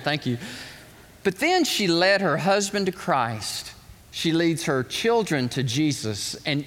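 A middle-aged man preaching a sermon, swinging from loud, rising passages to quiet, low stretches. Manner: impassioned, swings from loud highs to soft lows. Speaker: pastor. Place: large church sanctuary. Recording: long hall reverb from a live church service.

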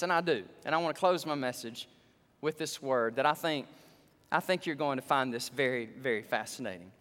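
A male pastor preaching a sermon, his voice surging up for emphasis and dropping low. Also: fairly quick, fairly bright tone. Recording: long hall reverb.

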